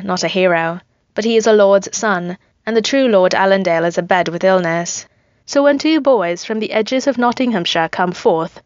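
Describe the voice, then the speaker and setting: A woman narrating a story in an even, measured reading voice. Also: fairly low pitch, no room sound, dull audio. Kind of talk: scripted narration of fan fiction.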